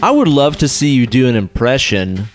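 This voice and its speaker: A man's voice: mid-range voice, sing-song, faint music behind. A man co-hosting a casual movie-review podcast, joking and laughing easily. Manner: joking, playful, quick to laugh. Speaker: podcast co-host.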